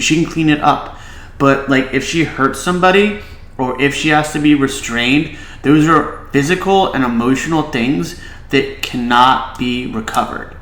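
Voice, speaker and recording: A man's voice: fairly high pitch, fairly bright tone, roomy sound, low-quality recording. A man, a child behavior specialist, giving casual reaction commentary and advice, with many filler "likes".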